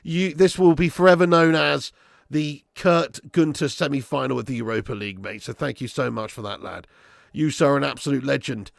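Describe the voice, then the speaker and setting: A man hosting a football watch-along stream, chatting excitedly and with plenty of slang, his voice going hoarse. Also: medium pitch, fairly quick, no echo. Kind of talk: live stream chat and match reaction.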